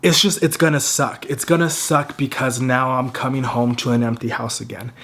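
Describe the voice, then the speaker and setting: Young man, personal vlog, grief-stricken, stuttering and halting, close to tears, mid-range voice. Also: mid-range voice, fairly even intonation, gravelly, fairly bright tone. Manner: grieving, halting, with a stutter and repeated words. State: fighting back tears. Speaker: vlogger.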